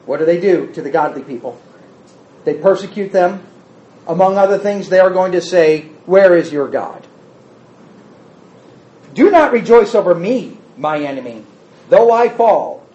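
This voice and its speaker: A man with a high-pitched, slightly mellow voice leads a Bible study class, putting rhetorical questions to the group. The recording sounds roomy and a bit dull.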